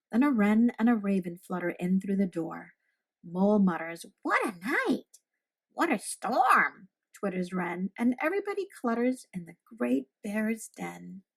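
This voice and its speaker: A woman teacher reading a children's picture book aloud in an expressive storytelling manner. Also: medium pitch, vocal fry.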